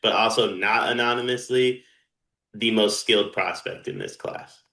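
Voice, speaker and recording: A man's voice: on the low side, normal speed, sharp tone. A man co-hosting a sports podcast, tossing out dry, joking one-liners in casual banter. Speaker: podcast co-host. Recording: echoey room.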